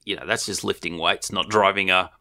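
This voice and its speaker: A low-pitched man with a gravelly, fry-heavy voice rambles through casual podcast chat. He laughs easily and keeps circling back to finish his thoughts. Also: fairly even intonation, a little fast, sharp tone. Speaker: podcast co-host.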